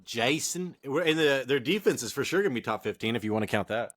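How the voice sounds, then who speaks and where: A man's voice: medium pitch, expressive, fast talker, fairly bright tone. A man co-hosting a fantasy football show, ranting casually with heated swearing. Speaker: fantasy football podcast co-host. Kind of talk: casual profane rant.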